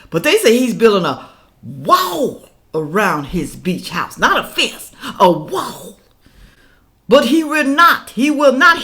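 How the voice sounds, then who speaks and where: A woman ranting to her viewers in a vlog, scolding and preachy, swinging from loud outbursts to hushed asides. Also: medium pitch. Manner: preachy, scolding, addresses viewers as y'all and people. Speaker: political commentary vlogger. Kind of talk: casual reaction vlog rant.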